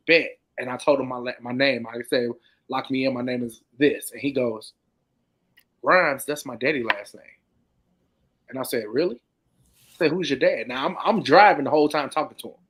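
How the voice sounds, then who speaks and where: A man co-hosting a casual talk show, telling a story in an easygoing way with relaxed slang. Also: mid-range voice. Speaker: podcast co-host. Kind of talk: casual chat.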